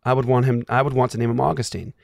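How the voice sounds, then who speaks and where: A man's voice: medium pitch, fairly even intonation, racing, gravelly, no echo, studio quality. A man, a guest, telling a personal story in an earnest, emotional way with lots of "like"s. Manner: earnest, emotional, filler-heavy with many "like"s. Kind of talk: casual storytelling.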